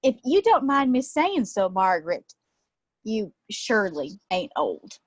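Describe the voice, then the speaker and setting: A woman's voice: mid-range voice, big pitch swings, measured pace, no echo. A woman playing a nervous young man with OCD who stammers and talks in a folksy, put-on Texan drawl, in a live play reading. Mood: friendly.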